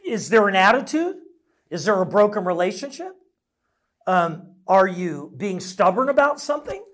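Animated middle-aged male pastor preaching. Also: high voice, normal speed. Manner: conversational storytelling, self-deprecating humor. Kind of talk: sermon.

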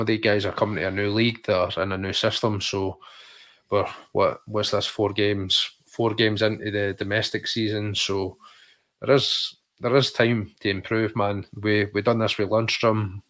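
A man's voice: on the low side, level tone, moderate pace, a bit bright. A man with a Scottish accent co-hosting a podcast, chatting casually about football, often repeating words as he thinks and calling his friend mate. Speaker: podcast co-host.

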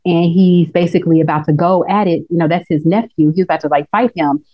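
A woman co-hosts a casual podcast, retelling scenes at a rapid clip. She slips in and out of playful character voices while she talks. Her voice sits a little low, and the recording sounds muffled and lo-fi. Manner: animated storytelling, acts out characters in quotes. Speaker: podcast co-host. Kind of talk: casual recap chat. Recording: dull lo-fi audio.

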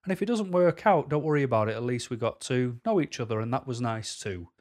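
A man's voice: mid-range voice, fast talker, a little mellow. A man giving dating advice to camera in a casual vlog, jokey and self-deprecating.

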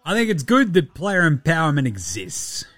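Australian male podcast host, casual, blunt and sweary, slightly high voice, dry close mic. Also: wildly swooping pitch, normal speed, fairly bright tone, dry recording, faint music behind. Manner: sweary, blunt, mocking put-on quotes. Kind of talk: casual sports chat.

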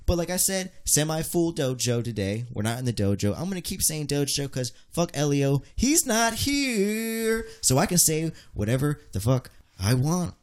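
A man's voice: medium pitch, lively intonation, a little fast, hardly any pauses, a little mellow. A man hosting a podcast in casual banter, playful and jokey with a hyped hype-man delivery. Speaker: podcast host.

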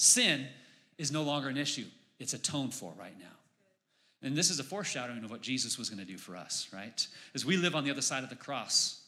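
Bright-toned pastor guy giving a sermon at church, gets loud and emphatic on the big points. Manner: emphatic, building to high exclamations on key points.

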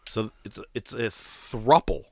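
A man hosting a podcast, telling a profane story in a casual, animated way. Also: on the low side, slow, creaky. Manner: profane, animated storyteller, voices others in quotes. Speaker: podcast host.

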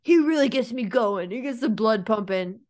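Female podcast co-host, slightly high pitch, sarcastic, animated casual delivery. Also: moderate pace. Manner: animated and sarcastic, heavy use of "like". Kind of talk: casual chat.

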